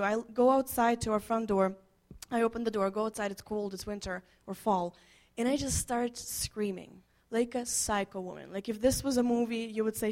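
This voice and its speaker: Earnest woman telling a halting story. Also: on the high side, a little mellow. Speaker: pastor. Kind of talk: marriage teaching talk with a co-host.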